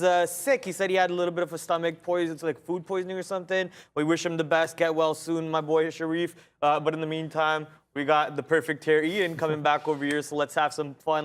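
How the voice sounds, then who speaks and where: A man's voice: on the high side, smooth. Hyped man hosting a live trading show. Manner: hyped, slangy, playful. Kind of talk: casual live market commentary.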